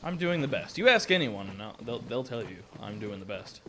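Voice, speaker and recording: Young male streamer, lively pitch, jokey and profane, noisy recording. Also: a little fast. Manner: joking, self-mocking, swears often. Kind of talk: casual live gameplay commentary.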